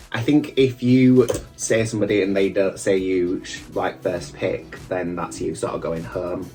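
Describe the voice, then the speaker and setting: Man, drag queen, camp and chatty, rambling asides, lowish voice, soft music underneath. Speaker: drag queen reviewing a TV show. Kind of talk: casual reaction chat. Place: at home getting ready at a mirror.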